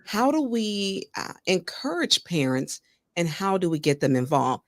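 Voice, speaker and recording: A woman hosting a local talk show, telling stories with laughs breaking through. Her voice sits low but swings widely in pitch. The sound is dry and close. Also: unhurried, no echo. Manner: storytelling, animated, laughs while talking. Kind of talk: casual interview chat.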